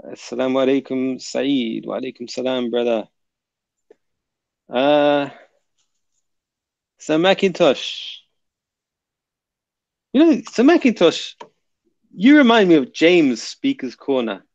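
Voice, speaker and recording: Gravelly laid-back man on a lo-fi mic. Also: mid-range voice, expressive, takes it slowly, long pauses, darkish tone, no echo. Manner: laid-back, joking, slangy. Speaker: live-stream host. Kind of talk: casual live-stream chat reading viewer comments.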